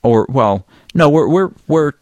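A man's voice: on the high side, expressive, unhurried, a little mellow, dry recording. A man, an author, hosting a podcast in casual chat, reading out listener mail and keeping the talk on track.

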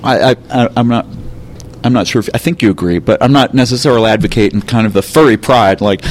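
Male podcast host, halting and dryly joking, casual. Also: mid-range voice, slight background noise. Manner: halting, stammering restarts, wry. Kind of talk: casual chat.

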